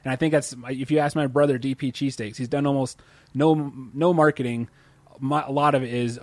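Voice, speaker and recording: A laid-back man co-hosting a podcast in casual, easygoing chat. He laughs often and keeps things loose. His voice sits at an ordinary middle pitch, recorded close and dry with no room sound. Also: fairly even intonation, fairly quick, darkish tone, dry recording. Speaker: podcast co-host.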